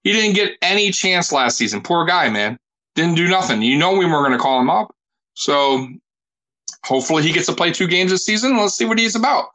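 A man hosts a casual sports chat in a blunt, emphatic way, and he says "bro" a lot. His voice is high and lively. The tone is bright and forward. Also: a little fast, rough recording. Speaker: podcast host.

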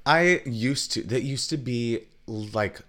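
A man co-hosting a pop-culture podcast in casual chat, laughing often and talking in quick asides. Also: medium pitch, bright, forceful tone. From Southern California. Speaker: podcast co-host.

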